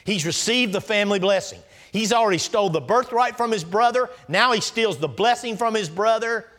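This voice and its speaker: A man, preaching a sermon. He swings between loud rising exclamations and low hushed asides and acts out scripture dialogue in a folksy way. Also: brisk.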